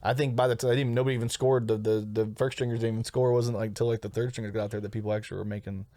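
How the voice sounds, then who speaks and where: A man's voice: mid-range voice, flat delivery, very fast, dark tone, no room sound. A man co-hosting a comedy podcast in casual, rambling chat, swearing freely and laughing often. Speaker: podcast co-host.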